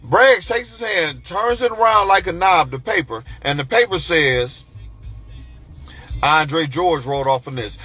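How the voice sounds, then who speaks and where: Animated, profane storyteller, high bright voice. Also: male voice, measured pace, slightly rough, faint music behind. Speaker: podcast host telling a personal story. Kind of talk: casual storytelling monologue.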